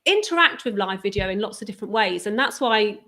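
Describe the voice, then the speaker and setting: Relaxed woman guest, encouraging tone. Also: mid-range voice, brisk. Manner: relaxed and encouraging, with fillers like "like" and "you know". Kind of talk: casual live-stream chat. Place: conference venue during a live broadcast.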